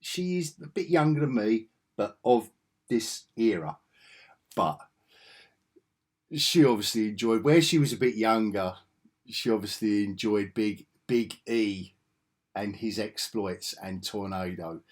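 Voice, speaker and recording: A man's voice: on the low side, animated, a little slow. A man, talking through old comics in an enthusiastic, rambling vlog. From England. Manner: enthusiastic and rambling, with frequent restarts. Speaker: comics vlogger. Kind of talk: casual nostalgic monologue.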